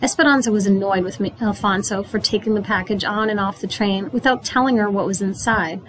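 A woman's voice: mid-range voice, brisk, background noise. Woman reading a chapter book aloud. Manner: steady, clear read-aloud pace with small restarts. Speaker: read-aloud narrator.

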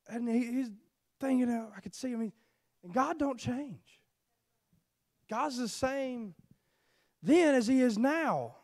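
A man preaching a sermon in an animated, storytelling way, acting out dialogue from the story. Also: very high-pitched, slow, pauses often.

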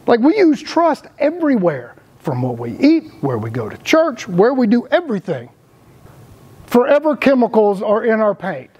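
Male host, fairly high voice, indignant monologue, pace swings fast to slow. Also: sing-song, a little mellow, breathy edge. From Texas. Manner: impassioned, indignant, swings between fast and slow emphatic delivery. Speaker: channel host. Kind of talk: personal monologue to camera.

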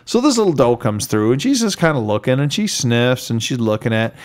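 A man's voice: mid-range voice, a little fast. A man, a podcast co-host, telling a long story in a casual, rambling way and acting out the voices of the people in it. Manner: rambling, animated, acts out quoted voices.

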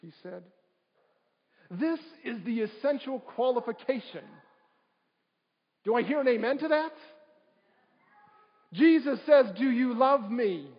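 A man's voice: very high voice, lively intonation, slow, pauses often. A man preaching a sermon as a pastor, often putting questions to his congregation. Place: church sanctuary. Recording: dull livestream audio in a reverberant church.

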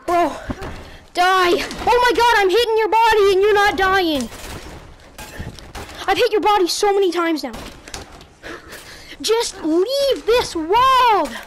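A woman giving casual gameplay commentary at home on a headset, talking to the game and shouting at the enemies in frustration. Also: very high voice, unhurried, pauses often, a little hiss or hum. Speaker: gaming YouTuber.

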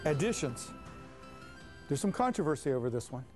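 A man's voice: on the high side, sing-song, moderate pace, over music. A man giving assured, plain-spoken explanations in an interview as a reading intervention expert.

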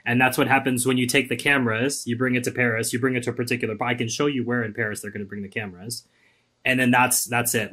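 Animated American man guest. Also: medium pitch, fast talker. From United States. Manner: animated, emphatic, wry. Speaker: podcast guest. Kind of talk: casual interview chat.

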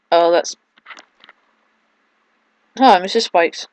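A young man giving excitable let's-play gameplay commentary at his home computer, yelping and shouting at the game. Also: high voice, normal speed, gravelly, pauses often, poor audio.

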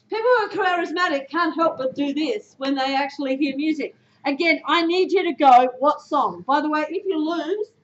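Brief: woman, high voice, blunt punchy coach talk, dull lo-fi room sound. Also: roomy sound, slight background noise. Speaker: speaker addressing a football team. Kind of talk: motivational talk. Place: indoor room with a team.

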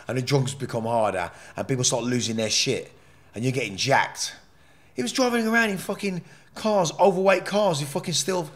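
A man telling his life story as a podcast guest, animated and profane, rambling with frequent restarts. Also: on the high side. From England. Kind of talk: candid interview storytelling.

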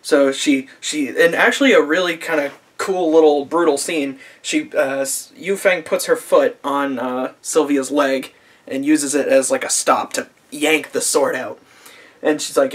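A man's voice: on the high side, steady tone, normal speed, fairly bright tone, slightly rough. Sarcastic man recapping an anime. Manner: sarcastic and profane, laughing often. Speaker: anime reviewer. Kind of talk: casual recap and review. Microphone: camera mic.

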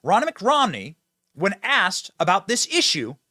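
A man's voice: high voice, huge pitch swings, sharp tone, dry recording, clean studio sound. A man hosting a political commentary show, talking emphatically and straight to his audience. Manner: emphatic, fast-talking, addresses audience directly.

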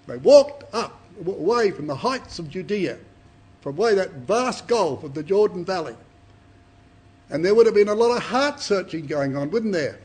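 A man's voice: high voice, lively intonation, normal speed, a little mellow, husky. A man preaching a Bible study to a congregation, reading scripture dramatically and asking rhetorical questions.

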